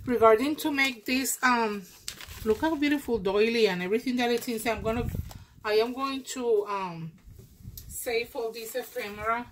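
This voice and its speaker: Woman craft vlogger, slightly high voice, slow and gushing, halting restarts, casual unboxing. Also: slight background noise, poor audio. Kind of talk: casual happy-mail unboxing.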